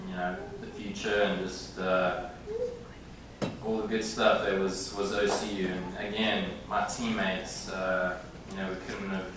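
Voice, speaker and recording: A man in his thirties giving a halting, heartfelt acceptance speech, with many pauses and filler sounds, in a large banquet room. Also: deep voice, flat delivery, distant mic. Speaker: hall of fame inductee. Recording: echoey banquet hall from afar with room noise.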